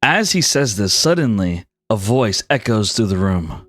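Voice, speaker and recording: A man narrating as game master of a tabletop game, telling it in an animated, dramatic way. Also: fairly low pitch, unhurried, no room sound, faint music behind.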